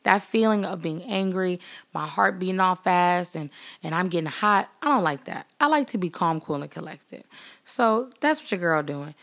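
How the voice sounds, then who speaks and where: A woman's voice: lowish voice, lively intonation, moderate pace, fairly bright tone. A woman vlogger giving a motivational talk to her viewers, repeating phrases for emphasis and acting out the voices she quotes. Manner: speaks straight to viewers, acts out quoted voices; laughs now and then. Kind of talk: motivational vlog talk to camera.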